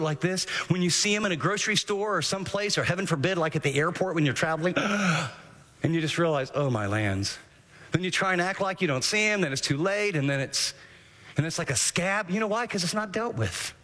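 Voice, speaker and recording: High voiced pastor guy preaching, acts out what ppl think, echoey hall sound. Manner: animated, acts out quoted inner voices. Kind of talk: sermon. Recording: long hall reverb.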